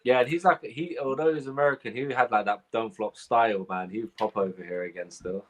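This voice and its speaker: Relaxed, laid-back English guy. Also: mid-range voice, brisk. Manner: relaxed, says "bro" and "man". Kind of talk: casual chat.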